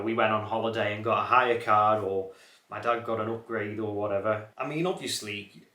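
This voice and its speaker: A man's voice: medium pitch, pushed and bright. A young man with a watered-down Scouse accent, chatting casually to camera as a car channel host, rambling with many fillers and restarts. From Liverpool area, England. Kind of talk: casual reflective chat to camera. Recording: echoey room.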